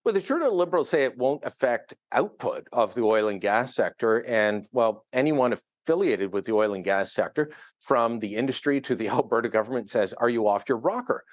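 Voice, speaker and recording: A man's voice: medium pitch, lively intonation, moderate pace, hardly any pauses, no echo. A man giving opinionated, chuckling political commentary as a guest columnist over a remote link. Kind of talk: news interview commentary. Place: remote studio in another city.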